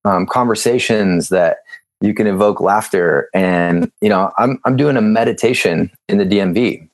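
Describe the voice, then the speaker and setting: A low-pitched man chats as a podcast guest, bouncing into playful stories and mimicking the people in them. He laughs easily and talks in a loose, upbeat way. The sound is dry and close, with no room around it. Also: moderate pace, no room sound. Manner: animated storyteller, acts out dialogue, laughs often. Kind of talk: casual interview chat.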